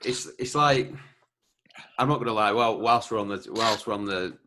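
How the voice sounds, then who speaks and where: Man, podcast host, casual chat, fairly low voice, friendly. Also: normal speed, background noise. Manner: friendly, laughs along, excited about football.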